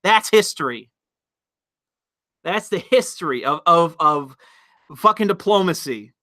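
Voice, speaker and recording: High, bright-voiced man ranting profanely on a stream. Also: expressive, dry recording, studio quality. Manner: rambling, profane, deliberately provocative. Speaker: livestream host reading chat. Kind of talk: casual livestream rant.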